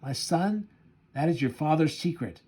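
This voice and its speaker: A man's voice: a little high, animated, unhurried, a little mellow, breathy edge. A man reading out the lines of a sick old mother from a comic, solemnly and plainly.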